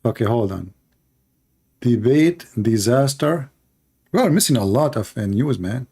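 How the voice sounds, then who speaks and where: A channel host reacts to a video on a live stream in a mid-range voice that's expressive, warm, and a little slow, with a breathy edge. He's sarcastic and mocking throughout, and his English phrasing is non-native.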